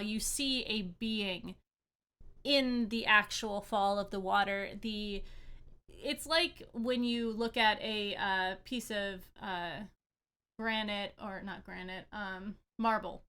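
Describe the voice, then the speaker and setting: Woman game master narrating, smooth clear voice, lots of ums and pauses. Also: mid-range voice, a bit bright. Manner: hesitant, many fillers and restarts.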